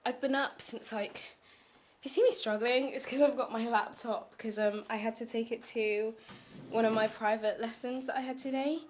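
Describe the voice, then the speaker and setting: A woman's voice: a little high, fairly even intonation, moderate pace, slight background noise. A young woman chatting casually in a vlog, rambling with lots of fillers. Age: young adult. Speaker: vlogger teaching abroad. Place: home kitchen, indoors.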